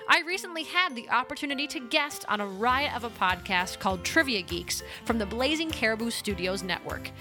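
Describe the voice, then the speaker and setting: A woman hosting a podcast, calmly reading a scripted promo spot. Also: on the high side, fairly quick, hardly any pauses, soft background music. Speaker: podcast host.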